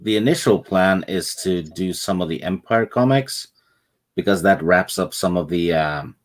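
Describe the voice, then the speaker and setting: A man from Norway co-hosts a relaxed chat in a very low, deep voice. He speaks haltingly, with many pauses, and slips in dry, deadpan jokes. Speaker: co-host. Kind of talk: casual chat.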